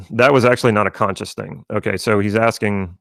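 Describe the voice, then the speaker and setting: A man's voice: on the low side, moderate pace, gravelly, fairly bright tone, no echo, clean studio sound. A man from South Louisiana with a mostly neutral American accent, rambling conversationally as a coach on a live stream, with many restarts. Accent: General American, from South Louisiana. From rural South Louisiana, USA. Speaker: NLP coach.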